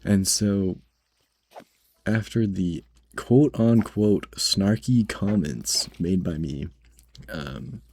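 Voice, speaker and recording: A man's voice: low voice, extremely slow, darkish tone, slightly rough. A man who works as a grocery cashier tells a story in a casual vlog, rambling with lots of "like" and "right?" and sounding nervous and indignant.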